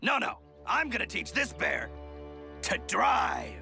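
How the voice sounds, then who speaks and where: An actor playing a gruff, boastful old great-uncle con man in a cartoon, with a gravelly, raspy voice. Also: high voice, huge pitch swings, takes it slowly, pushed and bright, soft background music, heavily acted. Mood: smug. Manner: blustering, boastful.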